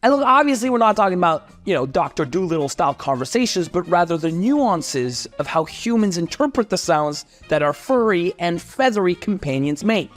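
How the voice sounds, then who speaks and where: Playful French man, lively voice. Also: high-pitched, a little fast, hardly any pauses, faint music behind. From France. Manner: playful, animated, self-interrupting. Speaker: comedy creator. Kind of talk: comedic educational sketch narration.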